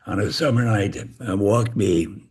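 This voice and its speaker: An older man from Cleveland, a guest in an interview, telling a story in a halting way with many repeated words. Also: on the low side, gravelly, a little mellow, husky. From Cleveland, USA.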